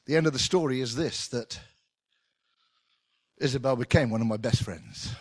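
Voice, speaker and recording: A middle-aged man preaching a sermon in an animated, conversational way with touches of humour. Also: mid-range voice, moderate pace, husky, no echo. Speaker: pastor.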